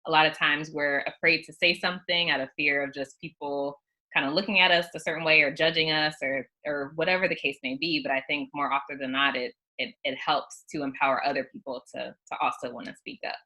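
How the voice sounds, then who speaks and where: A woman's voice: low voice, steady tone, a little fast, bright, forceful tone. A woman interviewing a guest in a casual, encouraging way, chatty with many likes and fillers.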